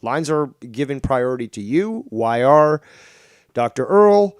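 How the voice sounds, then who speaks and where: A man's voice: mid-range voice, a little slow, smooth, no echo, studio quality. A man hosting a livestream show, talking casually, rambling and swearing. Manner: rambling, profane, animated.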